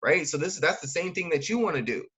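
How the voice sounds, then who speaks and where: A man coaching in a loose, slangy way, talking fast and stuffing every sentence with fillers. His voice is bright and pushed forward. The recording sounds dull and a little lo-fi. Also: fairly high pitch, lively intonation, slightly rough. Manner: slangy, filler-heavy, keeps asking "right?". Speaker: network marketing recruiter. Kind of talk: casual coaching talk.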